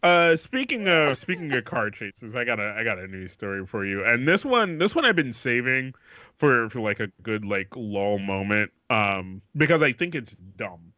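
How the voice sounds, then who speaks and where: Man, podcast co-host, rambling casual talk, bright tense voice, muffled lo-fi dry recording. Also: lowish voice, big pitch swings, normal speed, no room sound. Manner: rambling, filler-heavy, swears freely. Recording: dull lo-fi mic.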